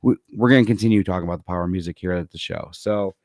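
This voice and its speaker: A man's voice: low voice, rapid-fire, a little mellow, dry recording, studio quality. A man hosting a live music podcast, chatting casually and rambling a little, calling everyone man and dude. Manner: easygoing, rambling, calls people man and dude. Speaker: podcast host. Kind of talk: casual live-show chat. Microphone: computer setup for a live stream.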